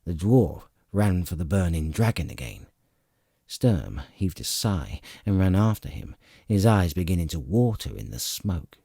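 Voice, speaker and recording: A man narrating a fantasy audiobook in a dramatic, expressive storytelling manner, recorded close to the mic. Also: deep voice, unhurried, breathy edge, no room sound.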